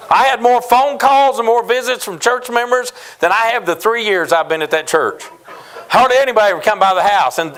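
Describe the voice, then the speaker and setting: A man's voice: sits high, fairly bright tone. A man in his fifties from New Mexico, preaching a sermon as a pastor, telling folksy, humorous stories. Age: 50s.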